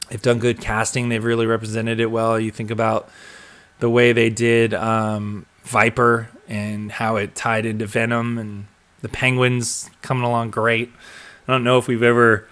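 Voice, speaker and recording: A man's voice: medium pitch, fairly bright tone. A young man hosting a live stream in a casual, rambling way, full of ums and restarts as he reads out and answers viewer comments. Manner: rambling, filler-heavy, chuckles and trails off. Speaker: host of a live show reading viewer comments.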